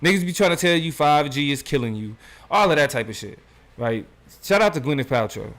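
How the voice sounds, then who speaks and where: A man's voice: a little high, expressive, fairly quick, crowd noise. A man co-hosting a podcast in casual commentary chat, blunt and emphatic, often repeating phrases for emphasis. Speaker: podcast co-host.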